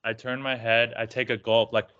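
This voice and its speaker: Loud man on a group call. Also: mid-range voice, level tone, moderate pace, smooth, dry recording, muffled recording. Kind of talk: casual chat on a call.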